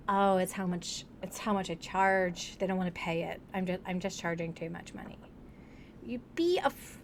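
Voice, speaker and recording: Gushy coach lady from wisconsin, live book chat, lots of "like", bit of low rumble behind. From Wisconsin, USA. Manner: enthusiastic, gushing, many fillers. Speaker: online tutoring business coach.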